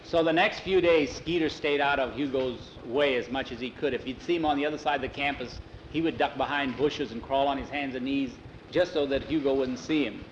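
A man telling a story in an unhurried, drawn-out way and acting out the characters' dialogue. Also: mid-range voice, highs cut off, slight background noise. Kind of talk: told story with acted dialogue.

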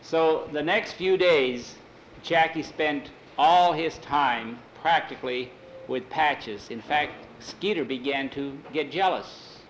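Brief: plain-spoken male storyteller with a slightly raised pitch. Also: slight background noise, rough recording. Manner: folksy, unhurried, repeats "he says". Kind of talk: oral storytelling.

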